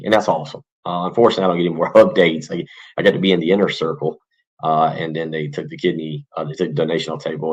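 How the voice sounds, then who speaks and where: Podcast host in his forties, very deep husky voice, earnest and rambling, dull lo-fi recording. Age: 40s. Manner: earnest, rambling, with many restarts and fillers. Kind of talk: casual morning podcast talk.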